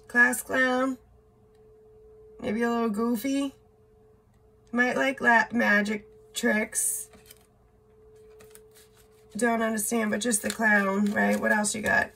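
A woman's voice: fairly high pitch, little pitch movement, slow, gravelly, pauses often, pushed and bright. A woman doing a casual tarot reading, reading card words aloud in short bursts, blunt and swearing now and then. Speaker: tarot reader.

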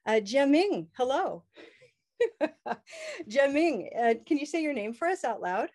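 A woman's voice: sits high, sing-song, a little slow, darkish tone. Upbeat woman leading class chants. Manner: upbeat, leads call-and-response chants. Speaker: English pronunciation teacher. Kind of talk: live online class with chants.

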